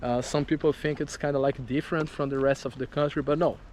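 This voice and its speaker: A young man, a travel vlogger telling a story to camera outdoors in a city, animated and incredulous, laughing as he talks. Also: mid-range voice, fast talker, slight background noise. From Brazil.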